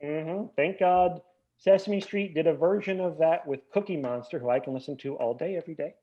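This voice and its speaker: A man chats as a podcast guest, ranting with animated, mock-indignant energy. His voice sits a little high for a man. The sound is dull and lo-fi. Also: a little fast. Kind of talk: casual podcast chat.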